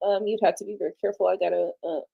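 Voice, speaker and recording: A woman hosting a casual livestream, chatty and slangy, tired late at night, dropping to low murmurs and jumping to excited squeals. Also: very fast, creaky, breathy edge, phone-quality sound. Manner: chatty and slangy, talks to viewers as y'all. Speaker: livestream host.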